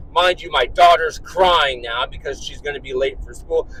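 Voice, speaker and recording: Exasperated dad ranting with lively swings. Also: male voice, on the high side, normal speed, slight background noise, poor audio. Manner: profane, exasperated, animated storytelling. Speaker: vlogger and dad. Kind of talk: ranting storytime.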